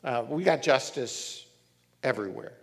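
A middle-aged man preaching a sermon as pastor, reading scripture and telling stories in an animated way. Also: mid-range voice, a little slow, breathy edge. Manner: animated storytelling, reads scripture aloud.

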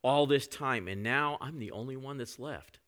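A man's voice: mid-range voice, moderate pace, fairly bright tone, voice pushed up, lightly acted. A man voicing a weary adult prophet who complains in a whining, rising voice.

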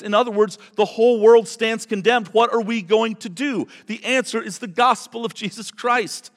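A man with a high voice preaches a sermon, dropping to quiet asides and then rising to loud, emphatic declarations. His words carry a long reverb, as if spoken in a large church hall. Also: brisk, few pauses. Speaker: pastor.

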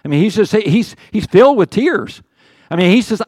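Preaching at a quick pace, an older pastor with a voice high for a man stays earnest and conversational, stumbling and restarting through his points. He acts out the psalmist's quotes, and the recording is dry and close with hardly any room around it.

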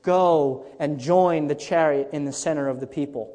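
A man voicing a calm, commanding divine spirit with a lowered, steady, reassuring delivery. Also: normal speed, big-room sound, lightly acted.

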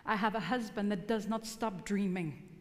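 A woman's voice: medium pitch, normal speed, a little hiss or hum. A middle-aged woman preaching a sermon in church, mixing earnest appeals with teasing humor. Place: church hall. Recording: long hall reverb.

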